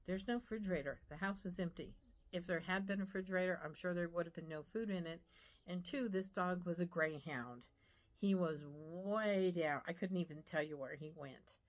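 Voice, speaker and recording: A middle-aged woman with a slightly low voice tells a story from her working life. She talks casually and brings it to life by acting out the voices of the people she quotes. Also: brisk. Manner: animated, acts out quoted voices. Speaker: real estate agent.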